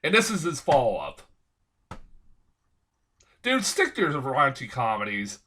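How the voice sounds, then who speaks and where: A man's voice: mid-range voice, huge pitch swings, unhurried, pushed and bright. A man giving a casual film review, ranting in an angry, profane, exasperated way. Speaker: movie reviewer.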